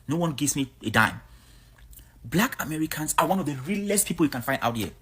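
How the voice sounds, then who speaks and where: A woman's voice: low voice, expressive, brisk, slightly rough. A woman from Cameroon, giving a blunt, outspoken vlog monologue. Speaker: vlogger.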